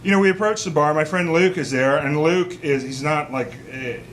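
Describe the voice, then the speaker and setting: A man telling a comic story on a small cabaret stage, rambling and animated with many fillers and asides. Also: fairly high pitch, normal speed, crowd noise. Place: small cabaret stage before a live audience.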